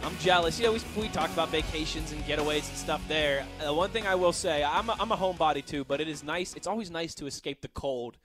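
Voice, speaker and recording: A man's voice: on the high side, quick pace, few pauses, music in the background. A man co-hosting a sports radio show, chatting casually and reading listener questions aloud. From Pittsburgh area. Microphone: studio microphone.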